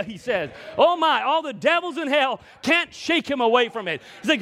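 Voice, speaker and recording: Lively, high-pitched preaching man. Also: moderate pace, hardly any pauses. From Scotland. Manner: emphatic preaching, swings between loud and soft. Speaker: pastor. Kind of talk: sermon.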